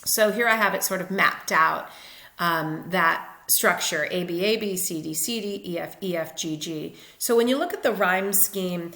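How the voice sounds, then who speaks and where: A woman's voice: fairly low pitch, moderate pace, vocal fry, sharp tone, roomy sound. A woman literature teacher explaining step by step over slides in a recorded lecture. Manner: methodical, explanatory.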